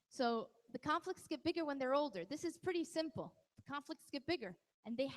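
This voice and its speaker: A parenting workshop presenter speaks live to a large hall in a high voice that leaves a long reverb tail behind. Her style is conversational, and she playfully calls out audience members by name.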